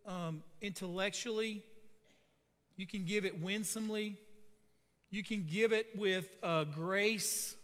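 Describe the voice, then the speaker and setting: A male pastor delivers a folksy, conversational sermon full of asides and jokes. His voice sits fairly high for a man. The church hall around him leaves a long, lingering reverb. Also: fairly bright tone.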